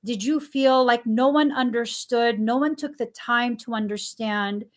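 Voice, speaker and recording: Woman guest, casual anecdotal storyteller; animated delivery with frequent laughter and acted-out dialogue. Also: unhurried. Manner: animated, laughs often while telling stories; acts out dialogue with sudden pitch jumps. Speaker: stay-at-home mom and podcast guest.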